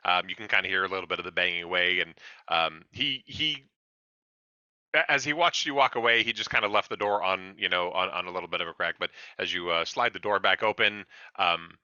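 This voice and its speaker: A man's voice: low voice, brisk, pushed and bright, dry recording, lo-fi sound. A man narrating as game master of a tabletop game, rambling along with many fillers and restarts.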